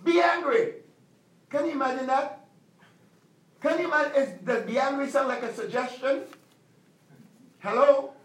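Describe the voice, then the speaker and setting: A male pastor preaching a sermon, emphatic, repeating commands and slowing down to stress them. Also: extremely high pitch, fairly bright tone, echoey room, recorded from a distance, rough recording.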